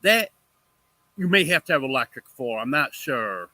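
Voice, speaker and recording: Bright, dry-voiced man giving brief answers. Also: mid-range voice, expressive, normal speed, dry recording. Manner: brief, matter-of-fact answers. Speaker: livestream guest. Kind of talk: casual chat.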